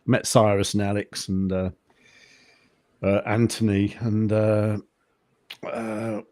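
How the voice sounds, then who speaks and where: Guy, lowish voice, flat understated chat, lots of uh and restarts. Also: takes it slowly, no room sound, studio quality. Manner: even-toned, understated, hesitant with many restarts. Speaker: guest. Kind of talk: casual podcast chat.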